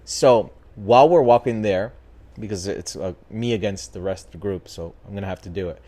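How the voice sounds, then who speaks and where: A man casually telling a spooky personal story as a podcast host, talking in a lively, profane way. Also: on the low side, fairly quick. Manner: animated, profane, acts out voices in his story.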